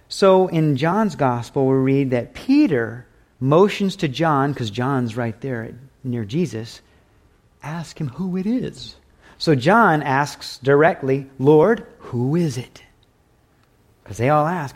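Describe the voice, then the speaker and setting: A man's voice: mid-range voice, expressive, a little slow. A middle-aged male pastor preaching a conversational sermon, earnest and plain-spoken, acting out quotes as he teaches.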